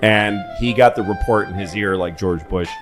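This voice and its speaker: A man with a lowish voice chats casually and wanders through loose stories. Music plays clearly underneath the talk. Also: normal speed. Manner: storytelling, loose. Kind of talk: casual chat.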